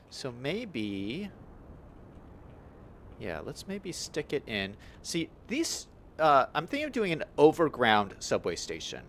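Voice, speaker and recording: A man's voice: mid-range voice, a little hiss or hum. A young man giving casual gameplay commentary, upbeat and chatty, thinking aloud as he plays. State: hiccups. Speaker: gaming YouTuber.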